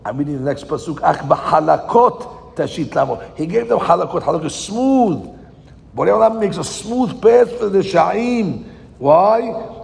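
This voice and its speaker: A man giving a verse-by-verse Torah class, reading Hebrew lines slowly, then translating and explaining them with rhetorical questions. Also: high-pitched, creaky, darkish tone. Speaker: Torah teacher. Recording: long hall reverb.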